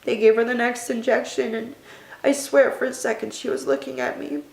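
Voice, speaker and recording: A woman's voice: on the high side, steady tone, vocal fry. Tearful young woman in an echoey room. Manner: emotional, tearful, soft and halting. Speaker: vlogger. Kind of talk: personal vlog storytelling.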